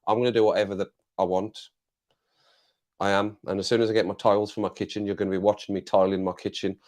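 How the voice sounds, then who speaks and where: A man's voice: fairly low pitch, flat delivery, quick pace, a little mellow. An English man hosting a casual live stream, chatting to viewers in a rambling way, repeating phrases and laughing often.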